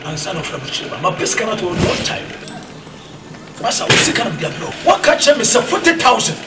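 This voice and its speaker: A taunting high-voiced buyer. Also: male voice, sing-song, a little fast, reverberant, distant mic, heavy background noise. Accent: Ghanaian. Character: mocking buyer offering a low price.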